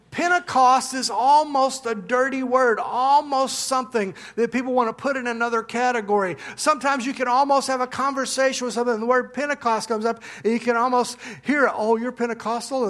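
A man preaching as pastor, in a relaxed storytelling manner with restarts and asides. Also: very high-pitched. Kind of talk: sermon with a told joke. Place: church.

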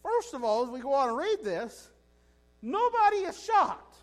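A man preaching a sermon in a folksy, animated way, often asking his listeners "right?". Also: very high voice, moderate pace.

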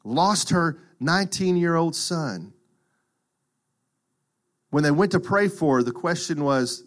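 A middle-aged man preaching a sermon, acting out quotes and swinging from loud to hushed. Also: a little high, expressive, slow, long pauses. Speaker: pastor.

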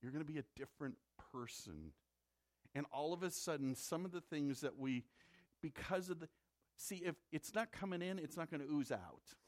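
A man's voice: on the high side, expressive, moderate pace. A man from the Midwest preaching a sermon as a pastor, in a conversational way that repeats words when he presses a point.

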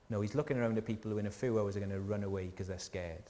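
A man preaching a sermon in a church, earnest and conversational, often asking the listeners rhetorical questions and dropping softly on key lines. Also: on the low side, very fast, few pauses. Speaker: pastor. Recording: long hall reverb from a church.

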